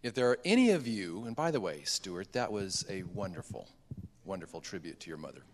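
Low-voiced man directing a memorial service. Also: big pitch swings, a little fast. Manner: clear and directive, emphasizing points. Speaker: church leader running the service. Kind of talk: giving instructions at a memorial service. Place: church. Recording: long church reverb.

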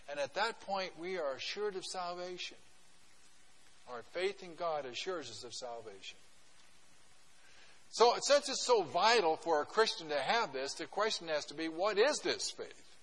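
Older male guest pastor, folksy conversational sermon, slightly high voice, long church echo. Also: a bit bright. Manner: folksy, conversational preaching with acted-out prayers. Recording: long reverb of a church hall.

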